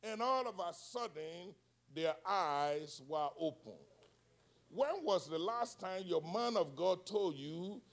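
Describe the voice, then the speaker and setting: A male preacher delivering a sermon with call-and-response, moving from hushed, soft passages to shouted climaxes. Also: high voice, animated, slow.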